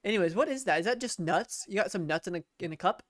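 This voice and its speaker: A woman's voice: fairly low pitch, lively intonation, fast talker, no room sound, studio quality. A woman co-hosting a podcast in casual chat, crude and self-mocking, laughing often. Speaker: podcast co-host.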